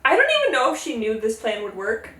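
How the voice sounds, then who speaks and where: Woman, casual storytelling host, jokey, highish voice, echoey room. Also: huge pitch swings, sharp tone, distant mic, a little hiss or hum. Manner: chatty, jokey, acts out characters in quick put-on voices. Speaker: podcast host. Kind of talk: casual tipsy mythology retelling.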